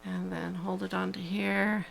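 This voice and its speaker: Chatty woman with a gravelly fry. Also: mid-range voice, flat delivery, measured pace, faint music behind, poor audio. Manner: chatty, demonstrating step by step with many fillers. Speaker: host. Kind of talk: live craft tutorial.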